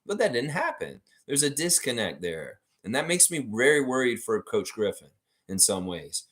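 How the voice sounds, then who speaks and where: Male fan-show host, mid-pitched, very lively intonation, heated casual rant to live viewers. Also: moderate pace. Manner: animated, ranting, profane, talks straight to viewers. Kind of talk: livestream chat reading viewer comments.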